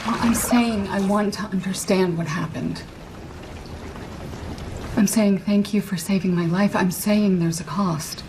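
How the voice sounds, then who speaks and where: An actress playing a woman reporter who speaks calmly, firmly and in a measured way. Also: medium pitch, close to an everyday voice. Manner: calm, firm, measured. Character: firm, probing woman reporter. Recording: film clip with noisy ambience.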